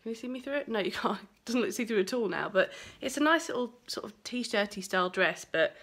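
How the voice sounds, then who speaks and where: Chatty mum vlogging. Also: female voice, on the high side, animated, fairly quick, a bit bright. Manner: chatty, rambling, laughs often. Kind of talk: casual vlog chat. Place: home, then walking outdoors and a busy cafe.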